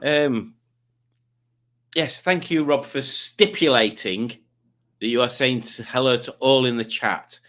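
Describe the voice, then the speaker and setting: A man's voice: mid-range voice, a little slow, pauses often, fairly bright tone. Chatty Yorkshire stream host, mid-range voice, loose and rambling as he reads out comments. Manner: rambling, self-deprecating, chatty. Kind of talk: casual chat reading comments.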